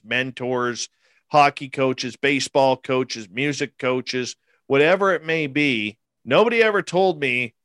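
Here a forties-aged man with a medium-pitched, slightly bright voice recounts an encounter in an interview. His storytelling is animated, emphatic, and repetitive, and he acts out what was said. The audio has no echo.

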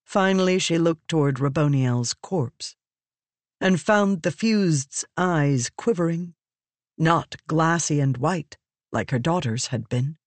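A narrator reading a fantasy audiobook in a measured, even way. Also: medium pitch, dry recording. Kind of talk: scripted narration.

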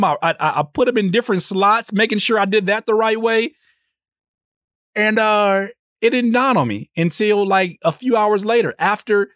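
Animated man in his thirties telling a story. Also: no room sound, studio quality. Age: 30s. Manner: animated storytelling, jumps into high voice when quoting himself. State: sleep-deprived. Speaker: podcast host. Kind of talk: casual solo podcast monologue.

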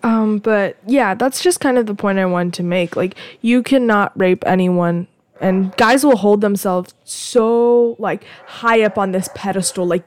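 A woman's voice: mid-range voice, moderate pace, dry recording. Young woman host going off on a passionate rant, lots of restarts, dry close sound. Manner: heated, impassioned, many restarts. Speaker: podcast host. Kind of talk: casual solo rant.

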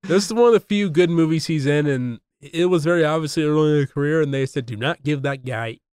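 Man, co-host, slightly high voice, casual film banter, blunt, dry close sound. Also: fast, darkish tone, clean tone, no echo. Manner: chatty, interjecting with short agreements and blunt opinions. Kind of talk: casual movie discussion.

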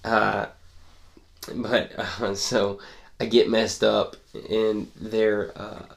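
A man's voice: on the low side, little pitch movement, extremely slow, vocal fry. A young man telling stories in a casual podcast chat, rambling and laughing often. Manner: laid-back rambling storyteller, laughs often. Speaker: podcast co-host.

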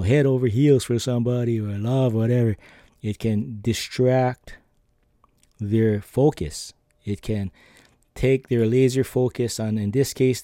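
Lowish guy podcasting, mellow tone, kinda rambly, dry close sound. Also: dry recording. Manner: rambling storytelling with many fillers and restarts. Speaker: podcast host. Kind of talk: casual personal monologue. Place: lives on an island.

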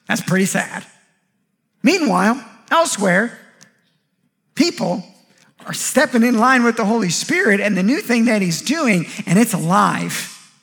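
A man's voice: extremely high pitch, a bit bright. A man preaching a sermon as pastor, in a casual, conversational way, often acting out the voices of the people he quotes.

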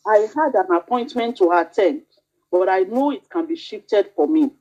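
A woman preaches with fervent, repetitive emphasis, her voice swinging high and low as she drives each point home. The recording is muffled and lo-fi, with the top end dulled. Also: lively intonation, normal speed, mellow. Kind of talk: sermon.

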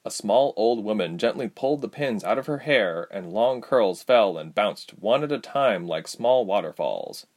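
A man's voice: on the low side, lively intonation, moderate pace, hardly any pauses, darkish tone. A man reading a fantasy story aloud as narrator.

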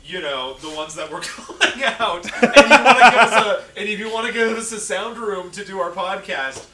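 A man's voice: high-pitched, animated, normal speed, crowd noise. A man co-hosting a podcast in casual chat, joking and laughing between lines. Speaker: podcast co-host. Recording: roomy untreated room, mic at a distance, faint background noise.

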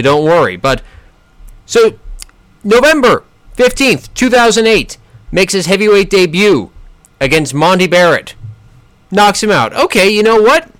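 A man riffs on boxing in a casual solo commentary, full of sarcasm and quick restarts. His fairly high voice swings widely in pitch as he talks. The recording is close and dry, with no room sound. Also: no echo. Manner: sarcastic, animated, with frequent restarts.

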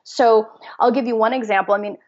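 A woman's voice: fairly high pitch, steady tone, fairly quick. A woman in her forties, a coach as interview guest, speaking earnestly and emphatically, often laughing as she talks. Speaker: guest, fertility mindset coach. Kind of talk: conversational interview. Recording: slightly dull lo-fi audio.

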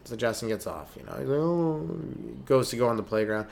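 A Canadian man in his thirties hosts a comedy podcast, rambling through stories in a loose monologue. He keeps breaking into quick, silly put-on voices for the people he describes. His own speaking voice sits at an ordinary middle pitch. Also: lively intonation, vocal fry, darkish tone. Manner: riffing, acting out characters in quick put-on voices. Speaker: stand-up comedian hosting a podcast.

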